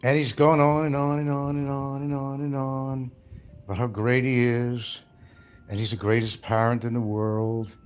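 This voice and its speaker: A man's voice: mid-range voice, level tone, moderate pace, slight background noise. A man hosting a livestream, rambling in a brash, taunting, trash-talking way. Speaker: livestream host.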